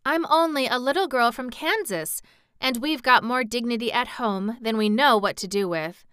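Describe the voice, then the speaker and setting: A plucky little girl speaks eagerly and politely in a bright, crisp voice. She is a brave storybook heroine, voiced by a woman reading aloud. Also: fairly high pitch, moderate pace, dry recording, voice pushed up, natural voice.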